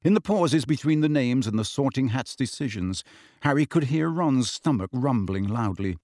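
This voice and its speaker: An audiobook reader, a man, narrates a storybook aloud from a script with expressive storytelling. His mid-range voice moves at a moderate pace in a dry, clean studio recording.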